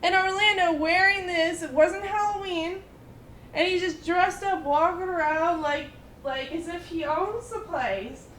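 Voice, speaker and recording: A woman in her twenties chatting casually, telling lively stories full of fillers and quoted voices. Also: very high voice, measured pace, echoey room, a little hiss or hum. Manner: animated storytelling with many fillers and quoted voices. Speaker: storyteller in casual chat. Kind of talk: casual chat.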